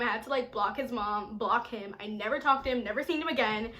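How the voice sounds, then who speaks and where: A young adult woman telling a personal story in a casual vlog, animated and chatty, full of filler words. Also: a little high, a little fast, hardly any pauses. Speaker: vlogger.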